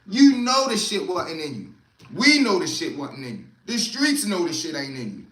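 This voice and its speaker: Bright, high-pitched streetwise man. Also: very animated, normal speed, echoey room. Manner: streetwise, storytelling, greets viewers by name. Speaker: livestream host. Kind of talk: casual livestream chat.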